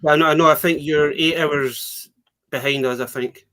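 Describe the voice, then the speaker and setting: A man's voice: on the high side, fairly even intonation, moderate pace, a bit bright, no room sound. A Scottish man chatting as a guest on an online show, easygoing and laughing as he explains. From Scotland. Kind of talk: casual chat.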